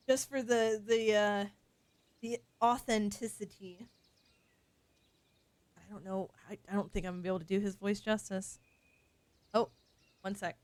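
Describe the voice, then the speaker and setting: A woman with a mid-range voice, captured in a dry recording, is a game streamer chatting casually as she plays. Her manner is playful and teasing, and she laughs at herself.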